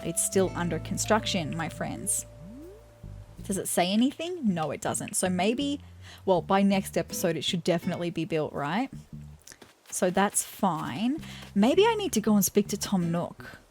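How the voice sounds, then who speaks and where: An Australian woman hosting a let's-play video, commenting in a gushing, excitable way. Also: mid-range voice. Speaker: gaming channel host.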